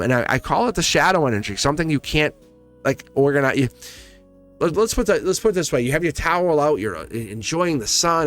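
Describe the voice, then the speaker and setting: A man's voice: a little high, dry recording. A man giving a casual tarot reading, rambling in loops, restarting phrases and chuckling as he talks. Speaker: tarot reader.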